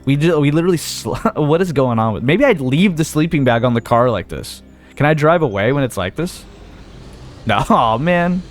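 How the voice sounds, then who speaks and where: A man's voice: on the high side, lively intonation, normal speed, faint music behind. A young man giving casual let's-play commentary, thinking aloud and talking himself in and out of ideas as he goes. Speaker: gaming video host.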